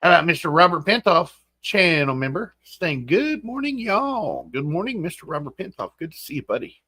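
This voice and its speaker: Folksy West Virginian man, lively pitch. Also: normal speed, breathy edge, no room sound. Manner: folksy, reads out and greets chat names. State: groggy morning voice. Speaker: livestream host. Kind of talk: casual livestream chat, greeting viewers. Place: home room.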